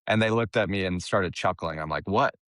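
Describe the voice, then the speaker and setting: A young man with a low, deep voice recounts a story in a casual podcast chat. He is animated, laughs often and restarts his phrases. The sound is dry and close. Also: a little fast, smooth, no room sound. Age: young adult. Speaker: caddie, podcast guest.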